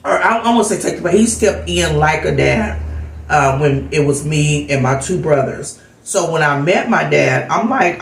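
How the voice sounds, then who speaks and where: A woman's voice: sits low, animated, normal speed, creaky, distant mic. A woman vlogger telling a heartfelt story in a casual, rambling way with lots of fillers, recorded off-mic in an echoey room. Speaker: vlogger host.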